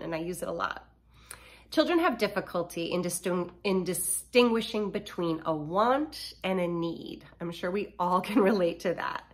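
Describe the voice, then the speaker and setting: A middle-aged woman hosting a podcast, reading numbered parenting principles aloud in a measured, deliberate way. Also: medium pitch. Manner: measured, reads lists deliberately. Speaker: podcast host.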